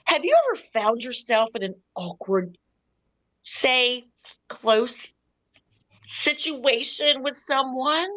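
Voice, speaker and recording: A woman's voice: high-pitched, expressive, slow, pauses often, fairly bright tone, no echo, exaggerated voice, rough recording. A woman playing a tipsy, brash auditioner who rambles in a loose, drawling voice in an improv scene. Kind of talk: improv comedy character.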